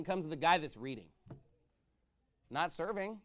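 Pastor, male, high voice; sermon delivery, slow scripture reading, sharp jumps from soft to shouting. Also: animated. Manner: swings between loud shouted exhortation and low quiet asides; reads scripture in slow, drawn-out cadence.

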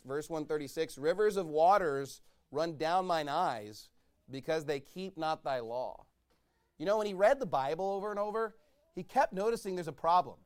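High-voiced preaching man with sudden shouts. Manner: swings between loud shouted exhortation and low quiet asides; reads scripture in slow, drawn-out cadence. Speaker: pastor. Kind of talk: sermon.

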